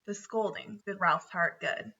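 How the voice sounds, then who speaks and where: A woman reading a children's book aloud with steady storytelling. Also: mid-range voice, measured pace. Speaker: narrator. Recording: dull, distant home recording.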